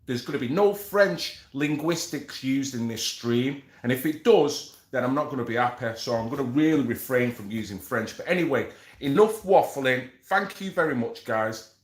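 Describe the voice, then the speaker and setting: Speaking at a moderate pace with lively intonation and a medium pitch, this stream host reads from an article. He keeps things casual and rambly, tossing in slang asides, and the room has an echo.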